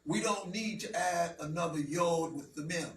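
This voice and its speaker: A man with a slightly high, somewhat bright voice teaches a language lesson at normal speed. He talks patiently and keeps checking understanding with frequent "okay?" The recording is roomy and distant, with faint background noise.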